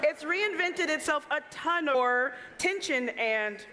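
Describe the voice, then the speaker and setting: A woman presenting game announcements, gushing and laughing between excited exclamations. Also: sits high, takes it slowly, a loud crowd.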